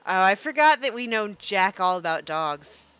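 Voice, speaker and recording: A young woman streaming a game, chatting playfully and thinking out loud with plenty of fillers. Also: medium pitch, big pitch swings, normal speed, smooth, dry recording. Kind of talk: casual live-stream game commentary.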